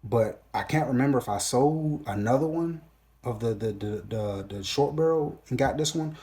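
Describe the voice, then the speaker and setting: A man's voice: medium pitch, normal speed, mellow. A man hosting his own gun channel, telling a rambling storytime recap in a casual, profane way, full of fillers and restarts.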